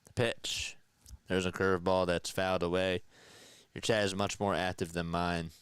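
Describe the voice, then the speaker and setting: A man hosting a casual live play-by-play stream, chatting with viewers and answering their comments between pitch calls. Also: little pitch movement, normal speed, clean tone, no echo, clean studio sound. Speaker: livestream play-by-play host.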